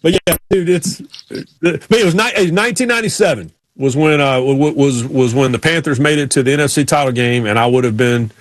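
A man's voice: mid-range voice, quick pace, hardly any pauses, no echo. A man hosting a podcast, telling sports stories in a casual chat and mimicking drawling racers. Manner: storytelling, imitates drawling racers. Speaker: podcast host.

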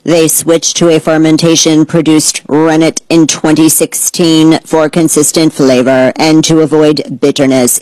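A woman reading out a dry explanation in a put-on flat robot voice. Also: low voice, dry recording, poor audio. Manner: monotone, deliberate.

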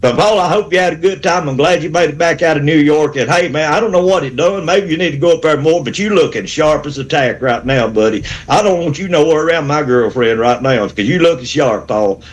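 A man's voice: on the high side, brisk, few pauses, low-quality recording. Fired-up Southern man in his sixties calling in. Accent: Southern American. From Alabama. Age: 60s. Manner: fired-up, rambling pep talk. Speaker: caller. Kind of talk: call-in sports radio.

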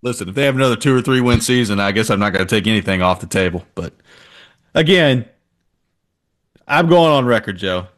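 A man's voice: on the low side, animated, fairly quick, pauses often, fairly bright tone. A man co-hosting a sports talk show, emphatic and opinionated, peppering his points with fillers. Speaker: sports podcast co-host.

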